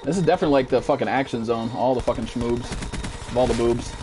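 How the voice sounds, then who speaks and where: A fast-talking twentysomething man livestreams a shooter, swearing and getting worked up, sometimes jumping into high-pitched shouts. Background noise can be heard.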